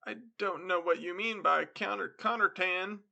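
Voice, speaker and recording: A man's voice: high-pitched, normal speed, gravelly, sharp tone, pitched above the performer's own voice, full character voice. A man reading the part of a frightened, stubborn farmer from New Hampshire, talking in an anxious, pleading way.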